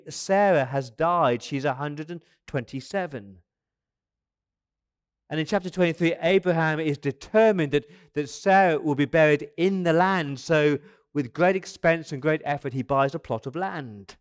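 A man in his fifties with a slightly higher voice for a man delivers a sermon as a pastor. He preaches conversationally, with quick asides and the odd restart. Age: 50s.

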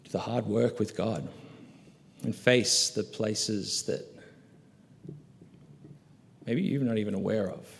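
A male pastor preaching a sermon, asking rhetorical questions and moving between loud emphasis and hushed, low asides. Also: gravelly. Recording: long reverb of a large hall.

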